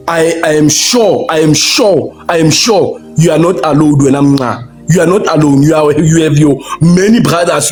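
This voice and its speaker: A man's voice: on the high side, a little mellow. Heated man, faint music. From South Africa. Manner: repetitive, confrontational, stumbling restarts. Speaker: livestream debater. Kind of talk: heated livestream argument.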